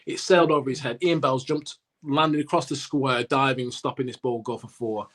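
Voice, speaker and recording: Telling a cricket story in casual podcast style, this co-host and ex-cricketer brings it to life by acting out the quotes. He talks at a medium pitch and an ordinary speed.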